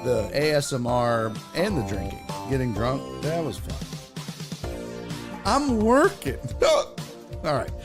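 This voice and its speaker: A man's voice: medium pitch, animated, unhurried, few pauses, music in the background. A man hosting a live-streamed sports talk show, chatting loosely with viewers, joking and swearing. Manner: loose, profane, joking banter with chat.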